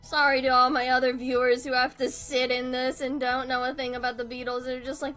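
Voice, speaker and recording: A woman's voice: high voice, steady tone, slow pace, long pauses, a bit bright, faint music behind. A young woman chatting casually on a live stream while drawing, swearing freely and laughing through her sentences. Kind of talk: casual livestream chat.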